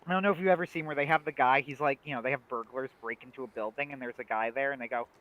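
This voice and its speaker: A man's voice: mid-range voice, steady tone, racing, highs cut off. A man in casual podcast chat, animatedly retelling comedy sketches and doing their voices.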